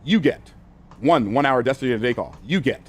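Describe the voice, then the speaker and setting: An older man teaching business sales from a whiteboard, energetic and conversational, repeating phrases for emphasis and using casual words like y'all and ain't. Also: mid-range voice, fast. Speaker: business coach.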